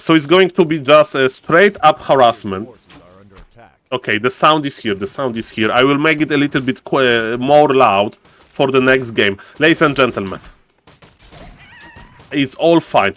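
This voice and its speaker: A man's voice: medium pitch, normal speed, fairly bright tone. A man casting a live strategy game on stream, a showy announcer who keeps repeating his catchphrases and greets chat by name. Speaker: esports caster and streamer.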